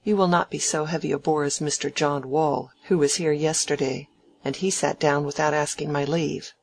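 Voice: mid-range voice, steady tone, moderate pace. A reader voicing proud young woman Mary. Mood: earnest, spirited. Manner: crisp, earnest, teasing. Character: young woman, proud, sharp-witted companion. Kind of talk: audiobook dialogue reading.

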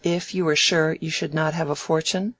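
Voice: medium pitch, steady tone, normal speed, fairly bright tone, no room sound, natural voice. A reader voicing an idle, proud young man in a novel, talking brashly and emphatically. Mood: sulky. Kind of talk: audiobook dialogue reading.

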